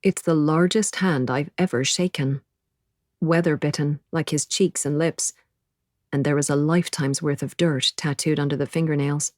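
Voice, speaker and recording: A woman narrating an audiobook in the first person, measured and quiet. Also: sits low, fairly even intonation, no room sound, studio quality.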